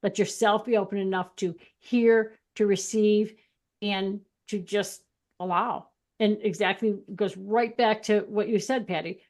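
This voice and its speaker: A candid woman co-hosting a spiritual chat show, laughing easily as she tells stories. Her voice sits in an ordinary middle register, and she shifts readily between plain talk and lively retorts. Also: mid-range voice. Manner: candid, animated storytelling, quick laughs. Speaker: podcast co-host.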